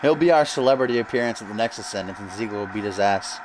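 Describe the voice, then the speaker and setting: A man's voice: fairly low pitch, rapid-fire, background noise. A man hosting casual video game wrestling commentary, joking and swearing with his co-hosts. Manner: joking, profane, laughs often. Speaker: host and commentator.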